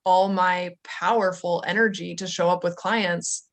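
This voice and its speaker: A woman coach answering as an interview guest in a reflective, measured way. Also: fairly low pitch, steady tone, slight background noise.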